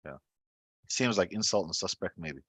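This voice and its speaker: A man's voice: low voice, lively intonation, normal speed, a bit bright, dry recording. A male student in a casual tutoring session who asks questions, thinks aloud and repeats answers back.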